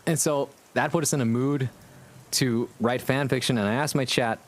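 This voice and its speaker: A man's voice: medium pitch, fairly even intonation, moderate pace. A man streaming live as a VTuber, chatting casually with his viewers, amused, profane and rambling.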